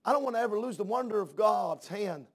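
Male preacher, high voice, sermon style, soft-to-loud fervent delivery, repeats words mid-build. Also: expressive, fast talker, breathy edge. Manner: swings from soft hush to loud fervent outbursts. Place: church.

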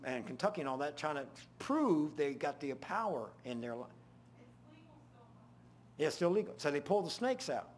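An older man preaching an informal sermon, full of folksy stories and swinging between loud and hushed. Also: on the high side, slight background noise.

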